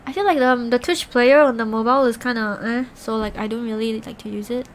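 A woman's voice: on the high side, fast talker. A woman streamer talking casually with her chat, rambling with lots of filler words and laughs.

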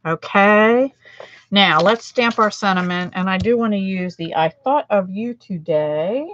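A woman's voice: mid-range voice, a little slow, fairly bright tone, dry recording, muffled recording. Chatty self-deprecating woman crafting live. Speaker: card-making demonstrator. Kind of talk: livestream craft demo, chatting with viewers.

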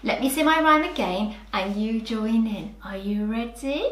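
A woman teaching young children phonics, sounding words out slowly with gentle encouragement. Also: fairly high pitch, expressive, reverberant. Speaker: early years teacher. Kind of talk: slow, clear children's lesson.

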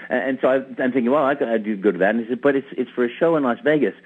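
A man in his fifties, a voice actor guest in an interview, telling a story in an animated way with lots of repeated words and restarts. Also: medium pitch, very fast, breathy edge. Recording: tinny phone-like radio line.

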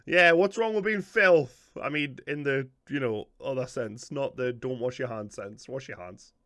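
A man's voice: medium pitch, normal speed, fairly bright tone, no room sound. A man with a Geordie accent, hosting a casual reaction video, rambling and joking at his own expense, and tired. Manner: joking, self-deprecating, rambling.

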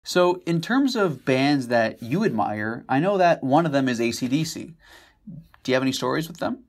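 A man's voice: medium pitch, expressive, normal speed. Man asking brief interview questions.

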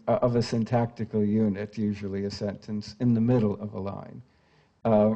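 A man's voice: on the low side, gravelly, mellow, dull audio. An older man giving a scholarly lecture as a translator, with frequent "uh" fillers between phrases. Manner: scholarly, with frequent "uh" fillers, reads quoted verse aloud.

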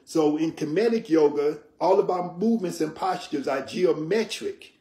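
A man's voice: on the high side, mellow. Teacherly man in a roomy echo. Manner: measured, teacherly, with frequent "right?" check-ins. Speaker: yoga teacher. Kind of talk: explanatory interview talk.

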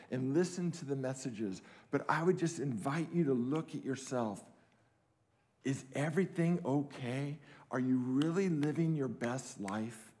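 A middle-aged man delivers a camp sermon in an earnest, steady voice of medium pitch. He drives points home by repeating short phrases. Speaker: camp speaker. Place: camp meeting hall.

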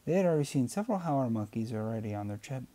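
Man, amateur audiobook reader, mellow tone, steady narration, occasional slips. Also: mid-range voice, rapid-fire. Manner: steady, with small slips and restarts. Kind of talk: audiobook reading.

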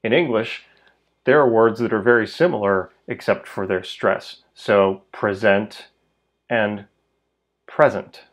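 Male language teacher, lowish voice, unhurried, repeats words for drills. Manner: slow, deliberate, repeats words for learners. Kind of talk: pronunciation lesson.

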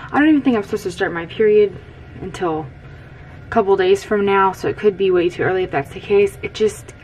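Woman vlogger, mid pitch, hushed near-whisper, rambly, in a small closet. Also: a little fast, slight background noise, low-quality recording. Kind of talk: hushed personal vlog. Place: small closet in her bathroom.

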